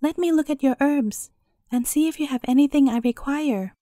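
A woman voicing an ugly, menacing old witch woman in a storybook, with a cracked, croaking voice and slow, grim muttering. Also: sits high, dark tone, no echo, clean studio sound, close to an everyday voice. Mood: demanding.

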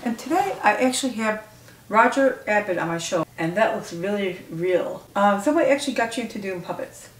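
A woman hosting an interview show, talking in a rambling, halting way. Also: mid-range voice, lively intonation. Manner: rambling, halting, lots of fillers. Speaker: host. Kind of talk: casual interview. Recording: echoey room, mic far off, faint noise.

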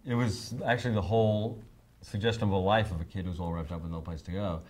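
Middle-aged male interviewee; animated raconteur who mimics others. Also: low-pitched, quick pace. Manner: animated storyteller, acts out quotes in raised voices, laughs often. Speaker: songwriter interviewee. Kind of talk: anecdotal interview storytelling.

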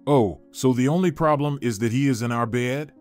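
A man's voice: mid-range voice, moderate pace, darkish tone, faint music behind, lightly acted. A man voicing a sweetly mocking wronged wife. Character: scheming wronged wife, young woman, mocking.

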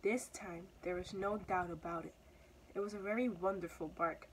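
A young woman, a student, reading a children's story aloud with steady, expressive storytelling. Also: lowish voice, moderate pace, a little hiss or hum, poor audio. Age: teenager or young adult. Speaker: student reader.

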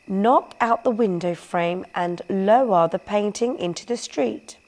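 A clever, practical young boy from a bedtime story, voiced by a woman reading aloud. He speaks calmly and slowly, explaining his ideas with earnest sense. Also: medium pitch, lightly acted.

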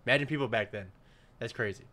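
A man hosting a casual music video reaction, excitable and slangy, often bursting into hyped exclamations. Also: medium pitch, quick pace. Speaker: reaction channel host. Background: faint music.

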